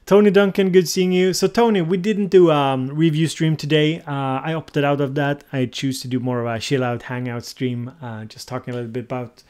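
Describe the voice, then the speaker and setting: A man hosting a relaxed livestream and chatting with viewers. He thinks aloud and sometimes searches for the right English word. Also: on the high side, normal speed, hardly any pauses, smooth. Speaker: livestream host. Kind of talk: casual livestream chat, answering viewer comments.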